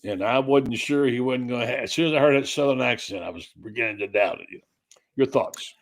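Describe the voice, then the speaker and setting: A man's voice: mid-range voice, a little fast. A man hosting a sports talk show, chatting in a loose, rambling, self-deprecating way. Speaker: show host.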